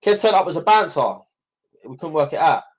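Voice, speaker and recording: A man's voice: on the high side, animated, a little fast. A young man hosting a casual podcast, chatty, swearing and laughing often. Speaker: podcast host. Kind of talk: casual chat.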